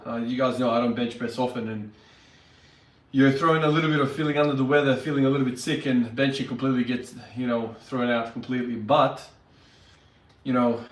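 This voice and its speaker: A man chatting casually on a livestream, upbeat and greeting viewers by name. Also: mid-range voice. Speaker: fitness vlogger. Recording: echoey room, mic at a distance.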